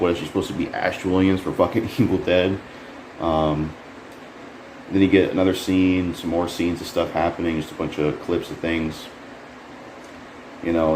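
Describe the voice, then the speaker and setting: A man with a very deep voice rambles through a casual, swear-heavy trailer reaction. He sounds frustrated and spikes upward in disbelief now and then. The room is echoey, with a faint air conditioning hum behind him. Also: a little mellow. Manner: frustrated, rambling, swears a lot, bursts up in pitch when incredulous. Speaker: YouTuber reviewing a trailer. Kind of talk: casual profane commentary.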